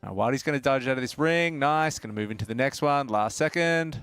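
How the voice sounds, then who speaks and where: A man's voice: mid-range voice, brisk, a bit bright, clear, resonant tone, no room sound, soft background music. An Australian man casting a live raid stream with upbeat play-by-play calls. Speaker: stream caster. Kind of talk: live game-stream commentary.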